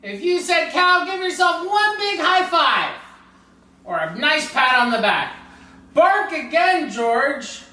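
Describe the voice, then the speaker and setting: A woman's voice: very high voice, animated, measured pace, sharp tone. A woman hosting a children's program, reading a story and leading a cooking demo in a playful, sing-song way that speaks straight to the kids. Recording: roomy, distant mic with music behind.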